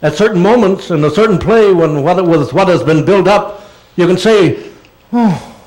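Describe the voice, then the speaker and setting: A man's voice: high-pitched, normal speed, a little mellow, low-quality recording. An older man with a slightly raised voice answers questions from an audience. His talk is loose and rambling, full of small restarts, and it turns playful and theatrical now and then. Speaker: guest speaker. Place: auditorium.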